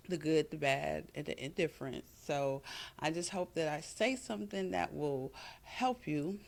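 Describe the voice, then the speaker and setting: A woman's voice: low-pitched, gravelly. A woman hosting a casual solo podcast from home, talking earnestly with frequent fillers and self-corrections as she reads from her notes. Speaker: podcast host.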